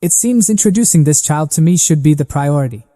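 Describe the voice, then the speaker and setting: A man voicing a gentle, gracious duchess and warm mother. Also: a little high, animated, brisk, in a large hall, natural voice.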